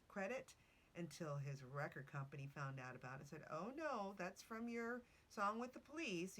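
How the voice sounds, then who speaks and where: A woman's voice: deep voice, a bit bright. A woman hosting a podcast, chatting casually through her notes with asides and self-corrections. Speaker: podcast host.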